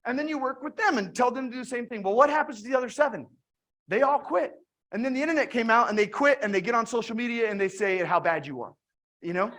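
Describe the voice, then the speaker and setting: A woman gives an energetic, motivational direct-sales talk, retelling her conversations with frequent restarts and repeated words. Her voice is fairly high-pitched and fast.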